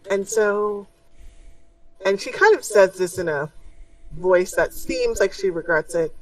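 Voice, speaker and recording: A woman narrating a tabletop game as game master, unhurried and descriptive, with frequent fillers. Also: medium pitch, dry recording. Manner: unhurried, many ums, descriptive. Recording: distant mic, dry room.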